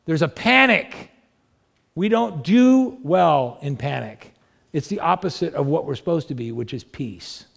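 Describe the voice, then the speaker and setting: A man's voice: lively intonation, a little slow, creaky, a bit bright. A man preaching a sermon in a conversational way, asking the congregation questions and lifting his voice to drive points home. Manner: conversational preaching with rhetorical questions, pitch rising when stressing points. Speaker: pastor.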